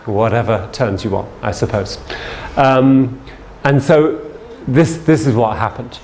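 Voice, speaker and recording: A man's voice: mid-range voice, a little slow, darkish tone, a little hiss or hum. A man working as a sales trainer, telling a story in a chatty way and checking in with his listeners as he goes. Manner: chatty, keeps checking in with "yeah?". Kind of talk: storytelling lesson.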